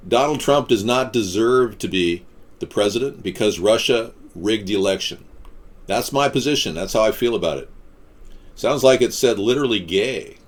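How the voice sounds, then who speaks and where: A man hosting a casual live stream, answering viewer comments in a rambling, deadpan-joking way with quips and rants. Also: fairly low pitch. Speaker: livestream host.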